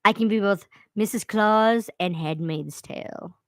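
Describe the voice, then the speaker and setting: A woman's voice: medium pitch, unhurried, no echo, clean studio sound. A woman chatting casually on a live stream from home, swearing freely and laughing at herself. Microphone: own streaming mic sounding odd.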